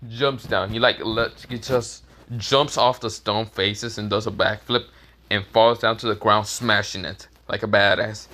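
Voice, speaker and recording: A man's voice: lowish voice, steady tone, a little slow, bright, forceful tone. A man casually telling a fan-made story, rambling, searching for words and laughing at his own jokes.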